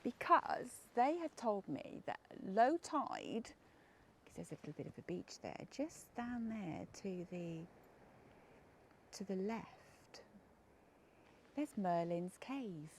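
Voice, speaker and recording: A woman's voice: mid-range voice, big pitch swings, slow, pauses often. An English woman narrating a casual outdoor vlog from her wheelchair, chatty, often dropping to a murmur. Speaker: vlogger touring in a wheelchair. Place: outdoors on a quiet clifftop. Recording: noisy outdoor camera audio.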